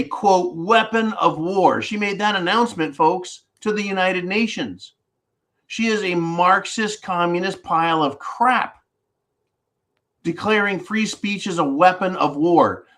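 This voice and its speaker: A man with a voice pitched a little high for a man hosts a live-stream commentary on his preparedness channel. He rants in an animated, profane way, piling insult on insult.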